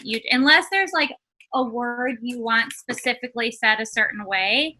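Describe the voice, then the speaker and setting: A woman co-hosting a podcast, telling relaxed stories in casual chat. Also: a little high, normal speed, slight background noise, low-quality recording. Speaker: podcast co-host.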